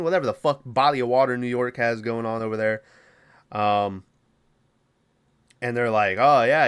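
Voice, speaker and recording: A podcast host casually recapping a film, swearing a lot and rambling. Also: male voice, mid-range voice, a bit bright, clear, resonant tone. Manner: profane, rambling, laughing.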